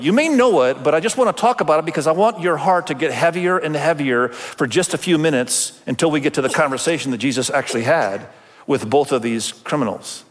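A man's voice: fairly high pitch, long reverb tail. A man preaching a sermon as pastor, talking conversationally and acting out quoted voices.

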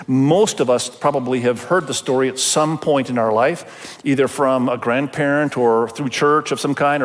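A pastor preaching a sermon in a conversational way, speaking directly to his listeners. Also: medium pitch. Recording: long hall reverb.

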